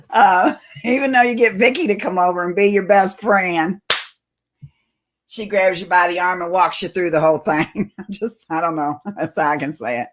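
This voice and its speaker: A woman host talking casually to her viewers in a rambling, chatty way, often laughing. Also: deep voice. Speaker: channel host.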